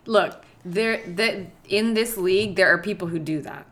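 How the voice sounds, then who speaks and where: A woman's voice: medium pitch, normal speed, a bit bright. A woman co-hosting a podcast, chatting casually and wryly about a recreational league, laughing easily. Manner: wry, laughing, conversational. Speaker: podcast co-host. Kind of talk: casual sports chat.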